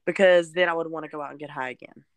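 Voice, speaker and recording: Rapid-fire and clean-toned, this young woman's low voice carries fairly even intonation as she tells her testimony on a podcast with no room sound. She's candid and chatty, sometimes close to crying.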